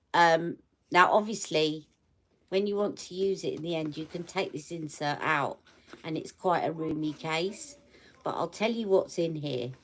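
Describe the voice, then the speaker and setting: A woman hosting a beauty livestream from home, chatting casually and checking in with her viewers as she shows products. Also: lowish voice. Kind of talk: casual live product review.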